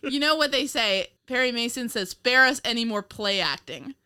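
Woman, podcast co-host, bright voice, giggly, rambling, casual chat. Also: fairly high pitch, expressive, moderate pace, smooth. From United States. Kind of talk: casual chat about an old TV show.

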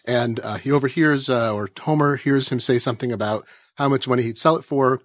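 A man's voice: mid-range voice, brisk, dry recording. Wry rambling man on a podcast, dry sound. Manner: wry, rambling storyteller with bursts of laughter. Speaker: podcast panelist. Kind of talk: casual podcast chat.

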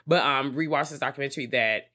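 A woman's voice: extremely low pitch, fast talker, pushed and bright. A woman co-hosting a podcast in casual film chat, rambling and swearing freely. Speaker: podcast co-host.

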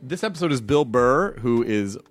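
A man hosting a podcast, introducing his guest and chatting with quick, upbeat banter. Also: medium pitch, expressive, dry recording. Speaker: podcast host. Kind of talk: casual podcast chat.

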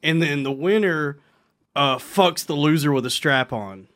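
A man from Texas, a guest on a comedy podcast, high, excitable and full of "dude" and "like". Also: measured pace. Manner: excitable, laughing, says "dude" and "like" a lot. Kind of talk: casual crude podcast banter.

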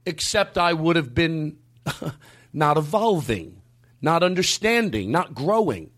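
Animated, rambling male podcast host. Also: a little high, takes it slowly. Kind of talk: casual chat.

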